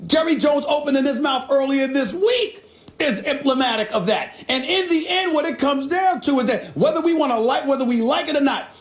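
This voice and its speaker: Loud, high-pitched man ranting emphatically. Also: animated, a little fast, roomy sound. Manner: emphatic, shouting, rhetorical ranting. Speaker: sports debate host. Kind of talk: heated sports debate. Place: TV studio.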